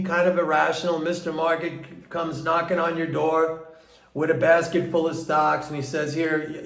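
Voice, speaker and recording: A man talks through the markets in a slow, rambling way, restarting sentences as he goes. His voice sits a little above the usual male pitch. The room around him has a noticeable echo. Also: fairly bright tone. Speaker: market commentator. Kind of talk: casual market commentary monologue.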